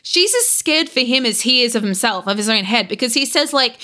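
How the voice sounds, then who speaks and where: A young woman guest on a podcast, casually retelling a game story in a rambling, animated way with lots of fillers and restarts. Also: on the high side, brisk, few pauses. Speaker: podcast guest, content creator.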